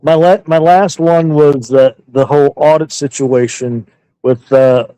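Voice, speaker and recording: A man co-hosting a casual stream chat, talking in a calm, agreeing, laid-back way. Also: fairly high pitch, a little slow, clean tone, no room sound, rough recording.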